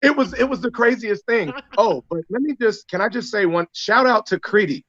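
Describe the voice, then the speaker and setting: A man from the United States, a guest actor, telling animated stories in a casual live-stream chat. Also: high-pitched, normal speed, dull audio.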